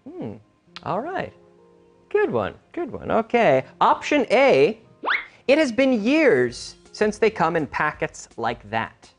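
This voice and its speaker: A man hosting a quiz show and teaching English, energetic and teacherly, stressing intonation. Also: high-pitched, takes it slowly, soft background music.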